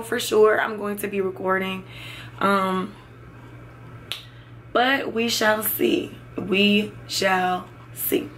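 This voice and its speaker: A woman's voice: medium pitch, fairly bright tone, a little hiss or hum. A young woman chatting casually to her viewers in a vlog, calling them y'all. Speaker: vlogger.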